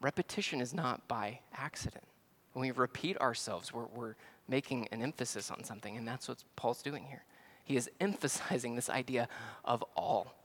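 A man from the American South with a Southern accent, preaching a sermon as pastor, stressing words loudly, dropping to quiet asides, and often restarting phrases. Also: mid-range voice, moderate pace, in a large hall, slight background noise. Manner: emphatic, swings between loud stresses and quiet asides.

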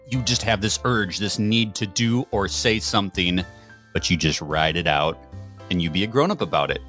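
A man with a fairly low voice who hosts a casual podcast chat. He talks in a wry, rambling way, stopping on ums and restarts as he explains things, with faint music somewhere behind him. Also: fairly bright tone. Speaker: podcast host.

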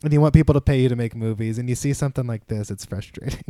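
Smooth-voiced man rambling in chat. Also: medium pitch, quick pace, dark tone, no echo. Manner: rambling, many fillers of 'like'. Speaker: podcast co-host. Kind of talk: casual chat.

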